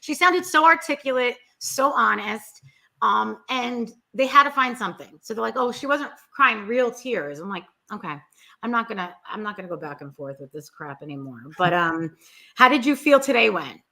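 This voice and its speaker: Bright-voiced exasperated woman. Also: fairly high pitch, moderate pace, creaky. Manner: animated, exasperated, quotes people in mocking voices. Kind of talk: casual chat.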